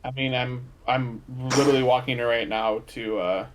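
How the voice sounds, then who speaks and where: A man playing a tabletop game, describing his character's actions haltingly with many fillers. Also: medium pitch, fairly even intonation, noisy background. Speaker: player. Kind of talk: casual tabletop play.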